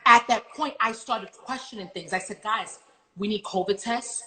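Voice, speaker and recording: A woman's voice: mid-range voice, normal speed. A woman hosting a casual podcast chat, telling a dramatic story with lots of swearing and quoted dialogue. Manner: animated storytelling, swearing, quoting others. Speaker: podcast host. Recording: echoey room with faint noise.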